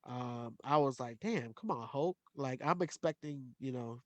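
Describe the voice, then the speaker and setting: A man co-hosting a wrestling podcast in casual chat, excitable, laughing often and stumbling over restarts. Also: medium pitch, a little slow, no echo, dull audio. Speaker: podcast co-host.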